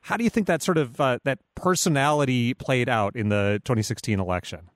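A man's voice: mid-range voice, a little fast, no echo. Male radio host, dry close studio sound, chatty, hesitant questioning. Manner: conversational, hesitant with fillers. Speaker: talk show host. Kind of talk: radio interview.

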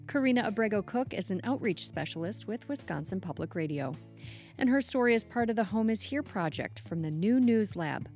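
A woman producer presenting a public radio segment in a clear, measured announcing voice. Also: lowish voice, darkish tone.

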